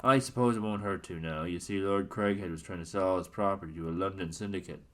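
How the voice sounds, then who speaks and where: A man reading aloud and voicing an old, white-haired retired Irish colonel in a put-on Irish accent, measured and gentlemanly. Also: low voice. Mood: confiding.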